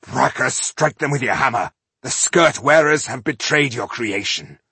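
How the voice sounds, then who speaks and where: A man voicing a gruff, hot-tempered male dwarf warrior who hurls insults and curses. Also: mid-range voice, expressive, normal speed, bright, forceful tone, no room sound, voice pushed up, heavily acted. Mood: scornful.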